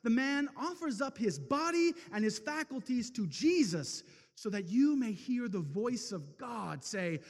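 A man preaching an impassioned sermon, swinging from loud declarations to hushed, slow passages. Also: very high-pitched, very animated, big-room sound. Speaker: speaker at a men's event.

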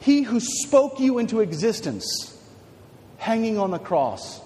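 A male preacher giving a dramatic sermon, swinging from hushed words to shouts. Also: sits high, very animated, measured pace, a little hiss or hum. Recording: long hall reverb.

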